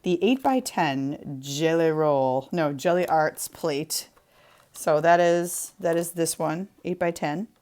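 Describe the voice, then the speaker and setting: A woman's voice: deep voice, slow pace, a little mellow. A young woman hosting a craft show, chatty and giggly as she demonstrates a printing project. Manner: giggly, chatty, self-deprecating.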